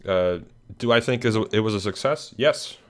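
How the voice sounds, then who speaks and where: A young man who runs a channel gives a casual screen-share recap, sounding tired and yawning as he rambles with plenty of fillers and restarts. His voice is on the low side and his speed is normal.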